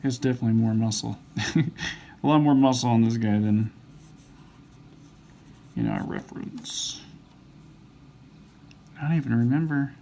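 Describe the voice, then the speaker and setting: Gravelly man mumbling while he sketches. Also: mid-range voice, big pitch swings, unhurried, long pauses, warm tone. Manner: mumbling, self-correcting as he draws. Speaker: drawing instructor. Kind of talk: thinking aloud while sketching. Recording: faint background noise.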